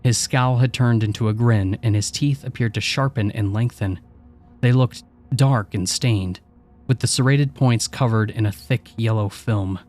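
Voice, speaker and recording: A man's voice: on the low side, measured pace, a little mellow. Man narrating a horror story. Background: faint music.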